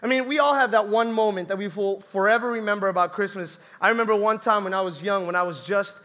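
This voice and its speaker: A young man from Colombia gives a church talk as an animated, chatty story, full of acted-out quotes. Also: high voice, fast talker. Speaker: church speaker. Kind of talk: humorous sermon storytelling.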